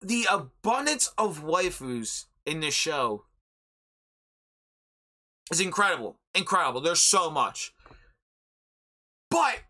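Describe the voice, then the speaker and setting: A young man hosting a podcast, chatting casually and rambling excitably about an anime, swearing freely. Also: high-pitched, a little slow, pauses often. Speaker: podcast host. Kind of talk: casual anime review chat.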